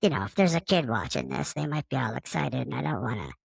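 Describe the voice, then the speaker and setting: A man's voice: medium pitch, very animated, quick pace, vocal fry, dry recording, heavily acted. A man playing a friendly, immature male space alien who has taken over a podcaster's body, talking in a rambling, casual way and fond of swearing. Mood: chatty. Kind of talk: casual improvised monologue.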